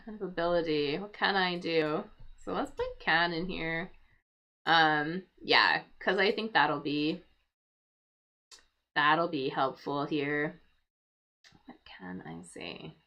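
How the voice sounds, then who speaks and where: A woman's voice: deep voice, slow pace, pauses often, bright, forceful tone, lo-fi sound. A woman hosting a casual crossword livestream for English learners, thinking aloud and explaining word meanings patiently.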